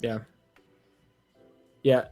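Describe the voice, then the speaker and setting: A man's voice: very slow, mellow, soft background music. A young man hosting a casual sports podcast chat, loose and laughing with lots of fillers. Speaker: podcast host.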